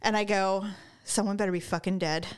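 A woman's voice: mid-range voice, fairly even intonation, a little fast, smooth. A middle-aged woman from California, telling a story in casual chat and swearing freely.

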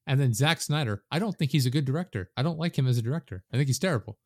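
A man's voice: mid-range voice, expressive, racing, a little mellow, no echo, studio quality. Opinionated man on a podcast. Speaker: podcast host. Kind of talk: casual podcast chat.

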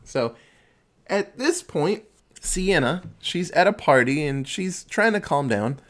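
A man casually retelling a horror film plot, cursing freely, dropping in asides and quick impressions of the characters. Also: fairly high pitch, animated. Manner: crude, profanity-laced storytelling with quick asides. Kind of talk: casual movie recap.

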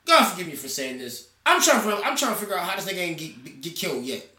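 A blunt, bright co-host in an echoey room. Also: medium pitch, very animated, quick pace. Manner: blunt, profane interjections. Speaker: podcast co-host. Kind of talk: casual podcast chat. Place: basement studio.

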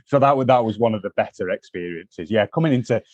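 A man's voice: lowish voice, animated, fast, darkish tone, no echo, lo-fi sound. Rambling man from northwest England. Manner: rambling, many fillers and restarts. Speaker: podcast co-host. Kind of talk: casual chat, storytelling.

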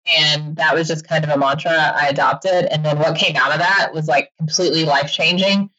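A middle-aged woman speaks as a guest in a casual interview, candid and animated, laughing often. Her voice is bright and forceful, sitting a bit low in pitch. The audio is dull and lo-fi. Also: fairly quick. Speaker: podcaster and author guest.

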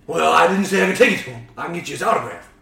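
A man improvising as a panicking, washed-up male movie star, shouting and frantic. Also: on the high side, animated, very fast, creaky, reverberant, heavily acted. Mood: smug. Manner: frantic, shouting, laughing through lines. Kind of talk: improvised comedy role-play.

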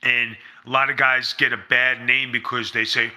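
Blunt, bright-voiced man telling stories. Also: medium pitch, flat delivery, moderate pace. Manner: blunt, emphatic, swears freely. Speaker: interview guest, former pro wrestler. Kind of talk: casual interview storytelling.

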